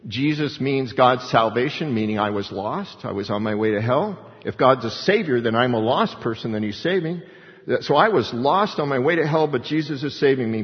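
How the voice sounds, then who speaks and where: A man preaching a sermon, earnestly quoting scripture and acting out prayers with emphasis. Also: medium pitch. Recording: dull sound with long hall reverb.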